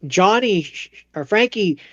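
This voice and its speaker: A man's voice: high voice, no room sound, highs cut off. A man co-hosting a podcast, casually retelling a movie plot and briefly acting out its characters. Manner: animated retelling, acting out characters in quick impressions. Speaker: podcast co-host.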